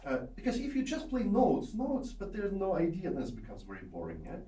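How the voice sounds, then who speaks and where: Animated male piano teacher, far off in a roomy hall. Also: sits high, brisk, slight background noise. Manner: coaxing, checks in with 'yeah?' and 'eh?' often, sings phrases to show them. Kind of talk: masterclass teaching. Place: recital hall or studio with a piano.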